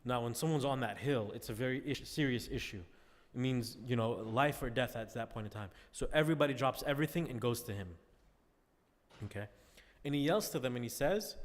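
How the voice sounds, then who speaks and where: Male class teacher, conversational lecture style, medium pitch, reverberant classroom sound. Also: normal speed. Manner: conversational, checks in with "all right?" often. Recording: long reverb.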